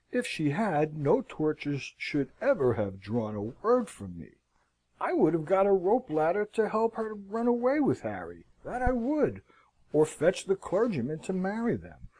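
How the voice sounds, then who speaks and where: A lovesick young girl, proud and impulsive, pouring out self-mocking outbursts, as a male audiobook reader gives her lines. The voice sits a little high with a lively, swooping melody, yet keeps a dark, mellow tone. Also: husky, heavily acted, poor audio. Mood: tearful resolve. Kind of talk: audiobook reading.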